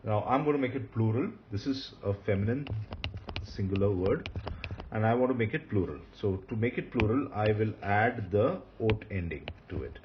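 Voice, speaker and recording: A man giving a recorded grammar lesson, explaining step by step and repeating each term slowly. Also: lowish voice, lively intonation. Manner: methodical, repeats terms slowly. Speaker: Hebrew grammar teacher. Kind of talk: recorded lecture. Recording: dull lo-fi sound with faint hiss.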